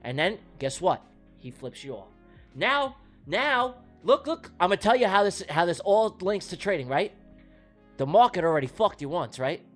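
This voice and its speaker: A man running a live trading stream, talking directly to his viewers. His voice sits high and swings widely up and down as he tells stories full of swearing. Soft music plays quietly under him. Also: moderate pace. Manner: animated, profane storytelling; talks directly to the audience. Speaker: trading livestream host. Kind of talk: livestream chat.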